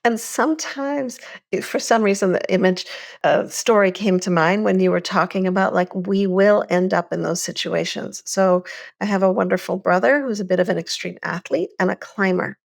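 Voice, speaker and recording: A middle-aged woman co-hosting a podcast, telling a personal story in an earnest, animated way. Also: medium pitch, normal speed, creaky. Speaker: podcast co-host.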